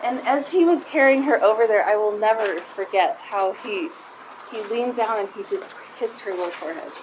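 A middle-aged woman speaks warmly and personally to a room of mothers, in a conversational way that sometimes comes close to tears. Her voice sits at a middle pitch for a woman. A faint hiss of background noise runs under the recording. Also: normal speed. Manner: heartfelt, conversational, near tears at times. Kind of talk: personal talk to a live group.

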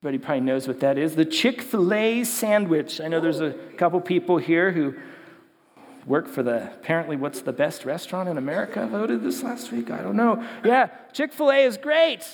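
A man's voice: high voice, lively intonation, a little fast. A man preaching a casual, story-driven sermon to young people, acting out the voices of people he quotes. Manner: conversational storytelling, acts out quotes. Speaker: youth pastor. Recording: long hall reverb.

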